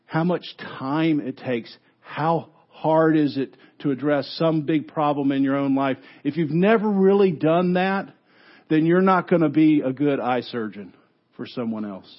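Animated male pastor preaching. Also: on the high side, measured pace, highs cut off. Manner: animated storytelling with repeated restarts. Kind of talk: sermon.

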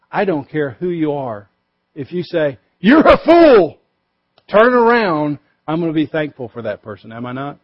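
A male pastor preaching a sermon, emphatic, pushing his voice up for stress and dropping low and quiet to drive points home. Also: dull audio. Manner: emphatic, rises and drops for stress.

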